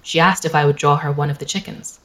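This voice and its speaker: A woman's voice: sits low, steady tone, fast, fairly bright tone. A woman reading a first-person storybook in a plain, matter-of-fact child narrator voice. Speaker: audiobook reader.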